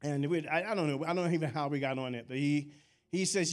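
Animated, higher-pitched male preacher. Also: quick pace. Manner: animated preaching with call-and-response; conversational storytelling asides. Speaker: pastor. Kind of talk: sermon.

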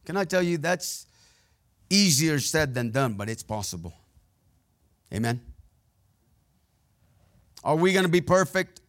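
A man's voice: a little high, lively intonation, measured pace, pauses often. A man preaching a sermon, telling personal stories in a candid, plainspoken way and checking in with the congregation as he goes. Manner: conversational preaching with call-and-response asides.

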